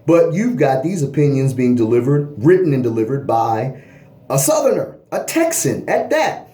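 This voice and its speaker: A man's voice: mid-range voice, very animated, normal speed, warm tone, echoey room. A man from Baltimore giving an unscripted history lecture, rambling and often checking in with "all right?". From Baltimore, USA.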